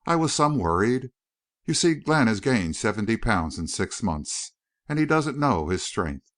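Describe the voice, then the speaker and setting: A man's voice: on the low side, very animated, unhurried, a bit bright, dry recording, clean studio sound. A man reading the part of a joking, drawling Western rancher in an audiobook.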